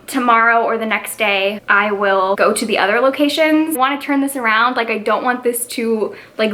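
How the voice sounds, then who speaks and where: A woman's voice: on the high side, sharp tone. A woman in her twenties chatting casually to camera as a book vlogger, rambling and peppering her talk with fillers. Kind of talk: casual vlog.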